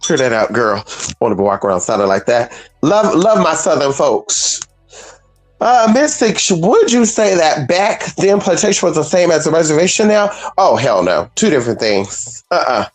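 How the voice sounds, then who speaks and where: Animated, blunt spiritual livestream host. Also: normal speed, faint music behind. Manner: animated, swinging from high exclamations to low asides; salty and blunt, swears freely. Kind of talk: casual livestream talk to viewers.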